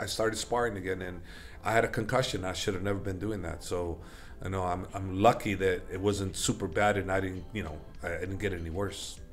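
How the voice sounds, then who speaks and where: Middle-aged man, lowish voice, casual rambling storyteller, lots of fillers and self-corrections; interview guest. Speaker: interview guest, MMA coach.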